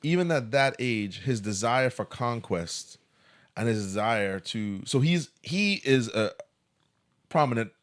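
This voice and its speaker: A man co-hosting a casual podcast discussion, animated and acting out quoted lines as he tells stories. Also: mid-range voice, a little slow. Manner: animated storyteller, acts out quotes. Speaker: co-host.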